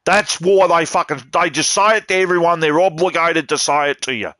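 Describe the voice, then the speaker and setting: A man's voice: on the high side, fairly quick, few pauses, bright, forceful tone, dry recording. An Australian man streaming a game, ranting bluntly and swearing as he talks. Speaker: gaming streamer. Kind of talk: casual ranting while playing.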